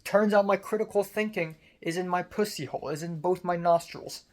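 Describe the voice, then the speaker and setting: A man's voice: high-pitched, brisk. Profane ranting man, voice strained from screaming. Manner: angry, profane, self-mocking, sarcastic. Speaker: vlogger. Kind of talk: personal rant.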